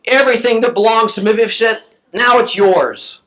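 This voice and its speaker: An ancient king questions his servant and hands out judgment, as a man reading scripture puts him on. His commanding voice sits fairly high and swings widely in pitch. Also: sing-song, normal speed, fairly bright tone, poor audio. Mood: questioning.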